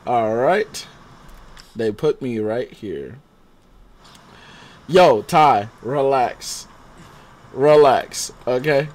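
A man streaming a game live, chatting casually with viewers in slang and swinging from low muttering to loud outbursts. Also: animated, drawn-out words, pauses often. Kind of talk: live gameplay commentary.

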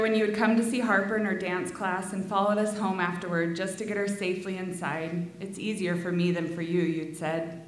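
A woman reading a heartfelt memorial tribute to her father, with soft laughs between lines, in a school auditorium. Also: mid-range voice, slight background noise. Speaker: daughter giving a eulogy. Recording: echoey hall.

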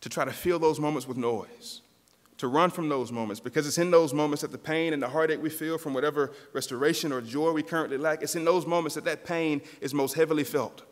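A man's voice: a little high, steady tone, fairly quick. Preaching man in a reverberant church. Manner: earnest preaching, addresses listeners as church. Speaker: pastor. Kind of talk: sermon. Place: church sanctuary.

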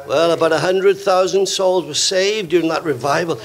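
A man's voice: a little high, moderate pace. An older man from Wales preaching a sermon in a church, telling stories with quoted voices. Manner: storytelling, warm anecdotes with acted quotes. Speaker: visiting preacher. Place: church hall.

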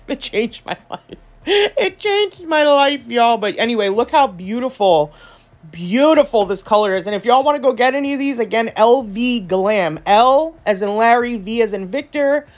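A woman nail vlogger, gushing in a chatty casual product review full of fillers. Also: medium pitch.

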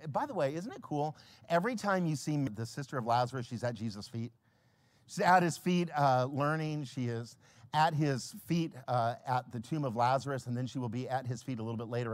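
Pastor, male, lively storytelling preacher, slightly high voice, big swings from quiet to shouting. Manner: animated, swings from hushed to shouting when quoting scripture; storytelling, acts out biblical characters with humor. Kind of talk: sermon.

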